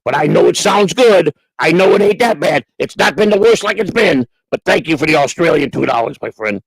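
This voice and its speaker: Brief: male stream host, profane and grumbling, a bit high, swoopy delivery, dry close sound. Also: expressive, fairly quick, vocal fry, breathy edge, no echo, low-quality recording. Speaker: livestream host reading super chats. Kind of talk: casual crude chat. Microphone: homemade desk mic.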